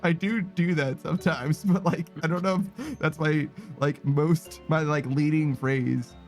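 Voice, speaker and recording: A man's voice: fairly high pitch, unhurried, faint music behind. Laughing, swearing streamer guy. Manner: self-deprecating, laughs often, swears casually. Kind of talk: casual gaming stream chat.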